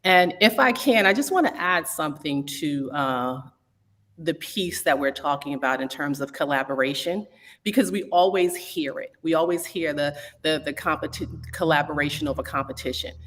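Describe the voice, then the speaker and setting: Lower-voiced woman in a reverberant room. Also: animated, fairly bright tone. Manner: measured, instructive. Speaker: studio owner panelist.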